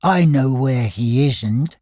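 A man voicing a gentle male bear who talks slowly and thoughtfully in a storybook reading. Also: medium pitch, dry recording, studio quality, close to an everyday voice. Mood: puzzled. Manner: slow, thoughtful.

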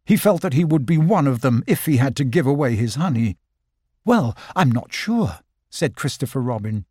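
A man reading a children's story aloud in scripted audiobook narration. His pitch moves a lot as he tells it. The recording is dry and close. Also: fairly quick, breathy edge, no room sound. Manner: lively, expressive storytelling.

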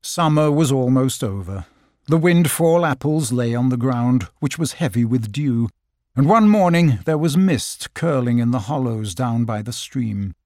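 A man reading a children's story aloud in scripted audiobook narration. His pitch moves a lot as he tells it. The recording is dry and close. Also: unhurried, no room sound. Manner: lively, expressive storytelling.

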